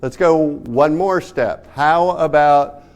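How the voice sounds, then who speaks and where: A man's voice: fairly high pitch, slow pace. A man giving a casual art history lecture, talking to students and asking them many rhetorical questions. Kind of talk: classroom lecture.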